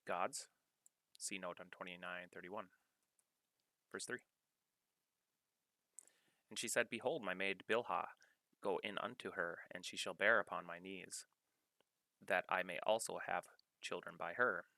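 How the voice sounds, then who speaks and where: A man reading scripture aloud in a measured, deliberate way, pausing to cite study notes and references. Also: deep voice, fairly even intonation, creaky, bright, forceful tone, no echo. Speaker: scripture reader.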